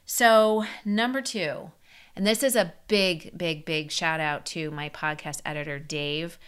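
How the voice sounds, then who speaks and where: A woman with a slightly low-pitched voice hosts her own podcast alone. She rambles warmly and encouragingly, often restarting her sentences and slipping in small laughs. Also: fairly even intonation, measured pace, smooth. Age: adult. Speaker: podcast host. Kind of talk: solo podcast monologue.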